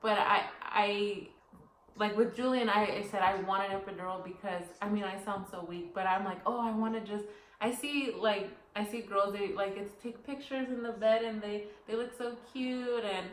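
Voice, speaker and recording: Young woman, casual co-host, animated rambling storyteller; echoey room, faint hiss. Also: mid-range voice, normal speed. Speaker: podcast co-host. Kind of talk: casual chat.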